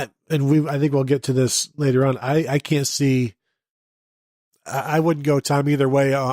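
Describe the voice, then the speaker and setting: Male sports podcast host, mid pitch, dry close mic, easygoing and jokey. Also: a little mellow, dry recording. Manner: easygoing, joking, leads the segments. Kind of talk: casual sports chat.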